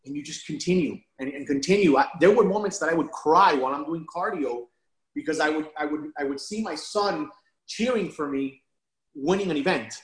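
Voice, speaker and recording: A man telling a personal story as an interview guest, animated and emotional, often repeating words as he restarts. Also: a little high, fairly quick, reverberant, poor audio. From Miami area. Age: adult father of a young son.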